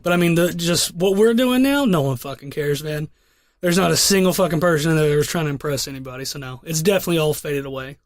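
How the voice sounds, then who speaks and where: A man's voice: fairly high pitch, quick pace. A young man hosting a podcast, telling a long story in a casual, rambling way full of profanity and restarts. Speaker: podcast host.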